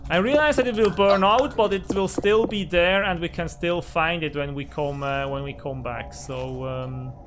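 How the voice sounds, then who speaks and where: A man's voice: a little high, moderate pace, few pauses, music in the background. A man hosting a let's play, commenting on his survival game and swearing at it in frustration. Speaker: gaming channel host. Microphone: desk microphone.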